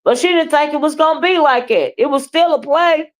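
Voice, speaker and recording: Commenting on a livestream, a woman with a somewhat high, drawling voice chats with her viewers a little fast. She's blunt and profane, animated, and trash-talks as she goes.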